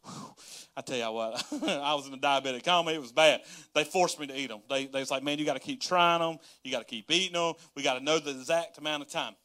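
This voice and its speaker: High, bright-voiced pastor. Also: male voice, fast. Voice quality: folksy, laughing, storytelling, animated. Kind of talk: casual livestream sermon.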